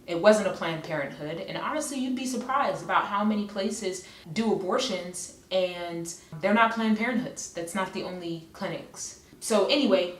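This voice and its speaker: A woman in her thirties recounts a personal memory in a loose, conversational vlog style, her voice sitting on the low side. She leans on fillers and circles back to repeat herself. The recording sounds roomy and echoey, with her a bit off from the mic. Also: far from the mic. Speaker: vlogger. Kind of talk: personal story, casual.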